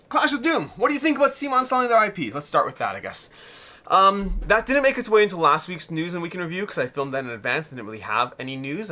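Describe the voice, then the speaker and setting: Man, live-stream host, slightly out of breath, rambling, lively pitch, fairly high voice. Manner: rambling, thinking aloud with restarts. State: a little out of breath. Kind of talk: live-stream chat reading viewer comments.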